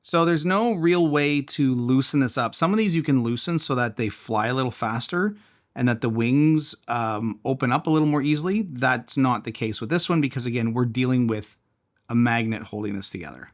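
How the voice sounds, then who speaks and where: A man's voice: mid-range voice, moderate pace. A man casually reviewing and taking apart a small fidget toy, thinking aloud as he tinkers. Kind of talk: casual product teardown.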